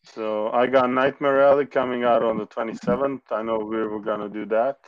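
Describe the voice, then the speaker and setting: A man's voice: mid-range voice, steady tone, moderate pace, no room sound, phone-quality sound. A man in casual podcast chat.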